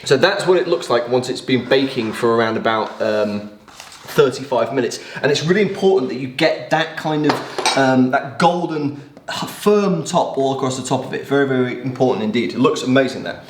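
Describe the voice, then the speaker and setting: A man's voice: mid-range voice, animated, moderate pace, slight background noise. An English man demonstrates a bake on a live stream from his home kitchen. He describes the food with eager, rambling enthusiasm and plenty of fillers. The sound is roomy and echoey. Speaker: co-host cooking on a live stream. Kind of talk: casual cooking demonstration.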